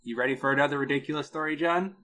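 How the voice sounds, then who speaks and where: A man co-hosting a casual podcast, telling a product story with a lot of pitch movement and laughing at his own jokes. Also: racing, sharp tone. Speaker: podcast co-host.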